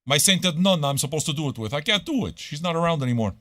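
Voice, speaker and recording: A man's voice: on the high side, lively intonation, quick pace, no room sound, clean studio sound. Profane ranting male radio host. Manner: profane, ranting, swings from loud to muttering. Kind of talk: casual live radio rant.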